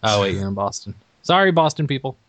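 A laid-back man with a lowish voice chats on a podcast, laughing often and swearing without care. The sound is dry and close. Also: very animated, quick pace, fairly bright tone, no room sound. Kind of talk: casual chat.

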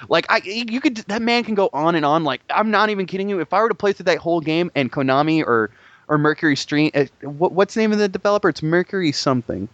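A young man gushes about video games in a rambling, profane, excitable way. His voice sits a little high and sounds dry and close, with no room around it. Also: fast talker, no echo, lo-fi sound. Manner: excitable, rambling, swears a lot. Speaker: gaming podcast co-host. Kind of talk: casual profane chat.

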